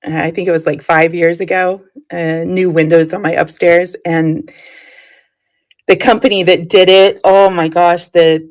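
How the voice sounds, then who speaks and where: A woman's voice: fairly low pitch, flat delivery, measured pace, a little mellow. A woman chatting with her live viewers, telling stories and laughing often. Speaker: live streamer. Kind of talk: casual chat with live viewers.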